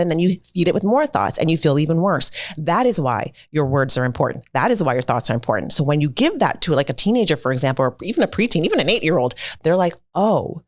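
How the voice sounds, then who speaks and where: A woman's voice: deep voice, big pitch swings, quick pace, hardly any pauses, dry recording, studio quality. A woman self-esteem coach, a guest in a conversational interview, who explains with energy and emphasis like a teacher.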